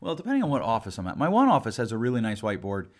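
Talking fast with huge swings in pitch, this forties-aged man's mid-range voice races through casual podcast talk. He's a family therapist and host, and his delivery is emphatic and blunt.

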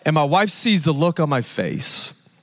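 A man in his thirties giving a lively, conversational live sermon as pastor, joking and asking the congregation questions. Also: a little high, a little slow. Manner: energetic, conversational preaching with jokes and audience questions. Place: large church hall. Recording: live church hall reverb.

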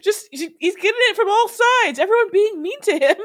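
A woman co-hosting a podcast in casual chat, animated and laughing, with quick asides. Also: extremely high pitch. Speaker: podcast co-host.

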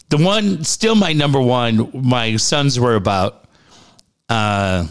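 Animated middle-aged man telling stories. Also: mid-range voice. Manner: animated, jumps into voices of people he quotes. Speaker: co-host telling a story. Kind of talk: casual storytelling chat.

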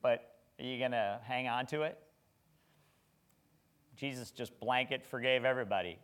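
A middle-aged man delivers a sermon in a loose, conversational way, firing rhetorical questions and restarting his sentences. His voice is smooth and clear and sits at an ordinary pitch for a man. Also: steady tone, moderate pace, a bit bright. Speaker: pastor.

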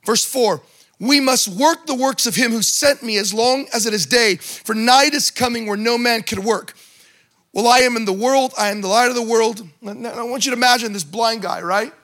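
A man preaching a sermon as pastor, animated, acting out Bible scenes with shouted bursts and joking asides. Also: extremely high pitch, moderate pace.

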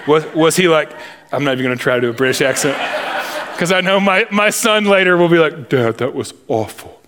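A man preaching a sermon with a slightly high voice. He speaks deliberately and with emphasis, and he slips in humorous asides. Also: steady tone, a bit bright. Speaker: pastor.

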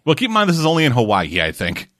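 A man's voice: medium pitch, rapid-fire, no echo. A man hosting a video games podcast in casual, swearing chat, close to the mic. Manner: animated and swearing, with loose filler words. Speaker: podcast host.

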